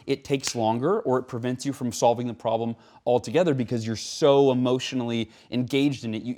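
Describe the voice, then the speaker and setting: A middle-aged man, a keynote speaker, talking in an interview in an animated, emphatic way. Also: medium pitch. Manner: animated, emphatic, frequent "right?". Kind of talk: conversational interview talk.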